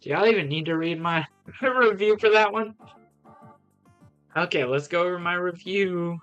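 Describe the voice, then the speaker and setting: A man's voice: sits high, moderate pace, fairly bright tone, clean tone, lo-fi sound, faint music behind. A man casually reviewing comics on a livestream, rambling through plot recaps with lots of fillers and giving blunt, scornful verdicts.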